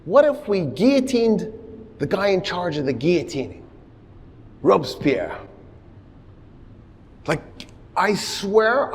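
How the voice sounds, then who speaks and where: A man with a fairly high voice delivering a funny, animated history lecture, bringing the story to life by acting out what people said. His voice carries the long echo of a lecture hall.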